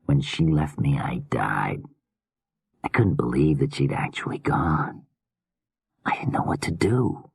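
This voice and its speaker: A man's voice: extremely low pitch, sing-song, a little slow, vocal fry, pauses often, darkish tone, breathy edge, no echo, full character voice. A man voicing an unhinged, weary male killer filmmaker in a slurred whisper, as whispered role-play in an audiobook.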